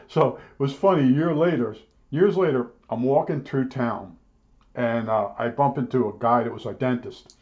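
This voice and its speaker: An older man rambles through stories in a blunt, grumbling tone, often stopping to restart his sentences. His voice sits at an ordinary male pitch. The home video audio sounds dull and lo-fi. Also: normal speed, darkish tone. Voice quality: blunt, grumbling, repeats himself with frequent restarts. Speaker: electronics repairman vlogger. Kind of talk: rambling storytelling rant.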